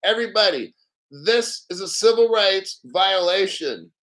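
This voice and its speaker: A man's voice: high voice, lively intonation, a little slow, a bit bright. A man hosting a live stream, ranting in disbelief with frequent laughter and swearing. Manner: incredulous, laughs often, swears. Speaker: livestream host. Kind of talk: live commentary rant.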